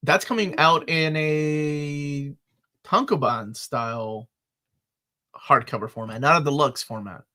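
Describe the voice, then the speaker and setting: A middle-aged man co-hosting a casual live chat, joking and telling stories with animated delivery. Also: a little high, takes it slowly. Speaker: co-host of a comics channel.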